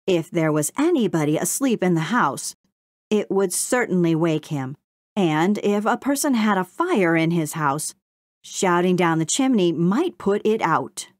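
A woman reading a storybook and voicing a polite, earnest male beaver who speaks calmly and matter-of-factly. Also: fairly low pitch, a little slow, no echo, studio quality.

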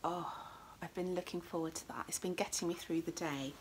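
A woman's voice: fairly low pitch, steady tone, a little fast, a little hiss or hum. Chatty English woman vlogging. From England. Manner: chatty, drops to whispers. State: out of breath. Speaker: podcast host. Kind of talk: casual walking vlog. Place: outdoors on a walk, then indoors. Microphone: phone held at arm's length.

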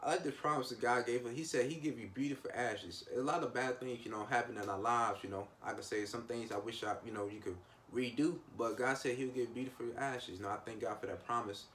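A man preaching at a quick clip in a plain, mid-range voice. He talks informally and emphatically, repeats himself and restarts phrases. A faint hiss sits under the recording. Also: mid-range voice, steady tone, a bit bright. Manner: repetitive, restarts often, emphatic asides. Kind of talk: informal devotional sermon.

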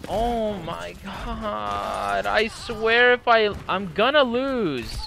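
High, swooping young man raging at a game. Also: expressive, gravelly, sharp tone, faint music behind. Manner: profane, quick to rage, frustrated outbursts. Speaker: gaming channel host. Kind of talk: live gameplay commentary.

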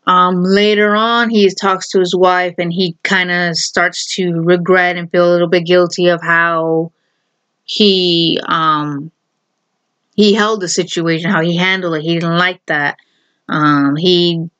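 A woman's voice: fairly low pitch, a bit bright. A woman casually retelling a half-remembered movie, rambling and hesitant, full of fillers and restarts. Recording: dull lo-fi home recording.

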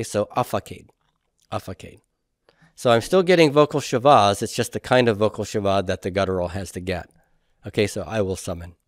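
A man's voice: medium pitch, no echo. Man teaching grammar in a dry classroom. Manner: patient, quizzing students with questions and repeating forms slowly. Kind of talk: classroom lecture at a whiteboard.

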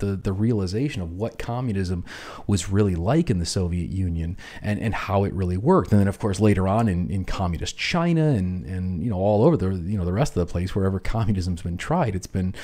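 A man's voice: low-pitched, mellow. A man hosting an educational film commentary, explaining casually with lots of "you know" and "right?".

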